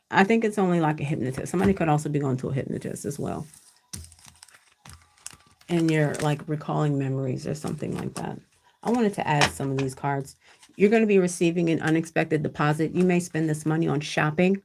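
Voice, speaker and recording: Gravelly-voiced woman reading tarot live. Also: low-pitched, a little fast, a little mellow, slight background noise. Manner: chatty, frequent "okay?" checks with viewers, casual cussing. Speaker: tarot card reader. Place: at home with her child nearby. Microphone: computer.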